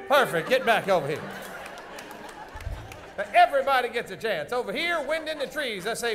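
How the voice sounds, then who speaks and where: A man hosting a live stage comedy show, folksy and teasing, loudly acting out bits for the audience. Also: very high-pitched, expressive, moderate pace. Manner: loud, folksy, teasing, acts out bits for the crowd. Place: stage of a large indoor comedy theater. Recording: live venue with band music and crowd noise.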